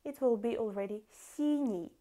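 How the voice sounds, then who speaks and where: A woman with a Russian accent teaching a language lesson, calling her viewers "dear friends" and sounding out word endings slowly and carefully. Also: on the high side, lively intonation, a little mellow.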